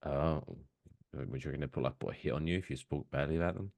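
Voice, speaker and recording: A man's voice: rumbling low, a little fast, gravelly, a little mellow. A man co-hosting a casual podcast, sarcastic and swearing freely, joking about the news. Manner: sarcastic, swearing, does silly voices. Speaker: podcast co-host.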